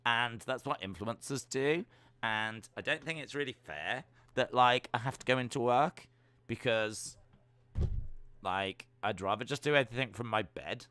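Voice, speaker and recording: Brief: lazy, airheaded influencer, drawn-out valley-speak, crisp bright tone, voiced by a man. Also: mid-range voice, dry recording. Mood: whiny. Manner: drawling, filler "like" everywhere.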